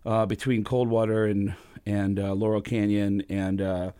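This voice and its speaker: Comedian guest, male, animated storyteller, dry close sound. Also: a little slow, clear, resonant tone, no echo. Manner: animated, jumps into high excited voices when quoting people. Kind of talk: casual storytelling.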